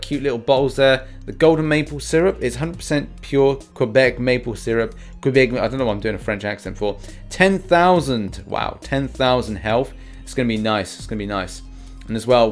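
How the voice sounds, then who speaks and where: Chatty male gaming news host. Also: mid-range voice. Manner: chatty, rambling, many fillers and restarts. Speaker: mobile game news host. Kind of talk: casual gaming news commentary over gameplay.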